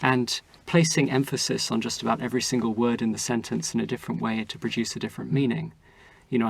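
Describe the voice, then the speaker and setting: A man who is a guest in an interview, explaining his points in a steady, considered way. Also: mid-range voice, quick pace, vocal fry, hardly any pauses, slightly rough, dry recording. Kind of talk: conversational interview.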